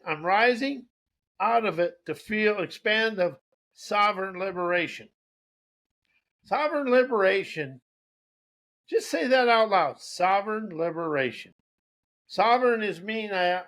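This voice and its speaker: Slow, high-pitched preachy man. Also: fairly bright tone. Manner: preachy, repeats key phrases, trails off and restarts. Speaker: motivational speaker. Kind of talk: rambling spiritual monologue.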